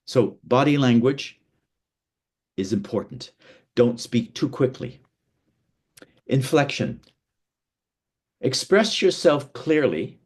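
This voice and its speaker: A man's voice: fairly low pitch, a little mellow. A man from North America teaching an online lesson on speaking and presentation, with frequent restarts and emphatic demonstrations while seated indoors. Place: seated indoors, away from a window.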